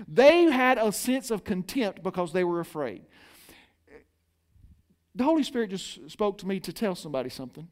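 A middle-aged man preaching a sermon, dramatically acting out the people in the story and calling on the congregation to answer back. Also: high voice. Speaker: pastor.

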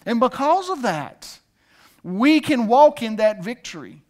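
A man's voice: extremely high pitch, big pitch swings, a little slow, a little mellow. A male pastor preaching a sermon, calling on the congregation to repeat after him and joking between points. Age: adult with a son. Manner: preaching with call-and-response and humor.

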